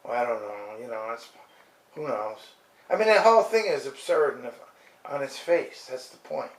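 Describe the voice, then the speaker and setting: A man's voice: medium pitch, animated, moderate pace, echoey room. A man delivering an indignant, incredulous rant, stumbling over restarts and checking in with "okay?" as he goes. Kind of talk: ranting monologue.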